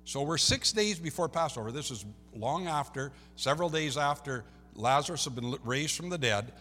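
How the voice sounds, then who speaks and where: A man preaching a sermon as a pastor, swinging between loud and soft and repeating key phrases. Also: fairly high pitch, moderate pace, in a large hall, soft background music. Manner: lively preaching, rising and dropping in loudness, repeats phrases.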